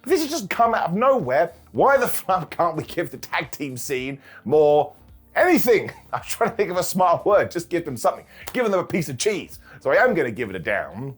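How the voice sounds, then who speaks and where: Lively husky-voiced man recapping wrestling. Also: on the high side, a little fast, soft background music. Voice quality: bald-joke running gimmick host. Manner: animated, jokey, laughs often. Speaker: wrestling show reviewer. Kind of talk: casual recap commentary.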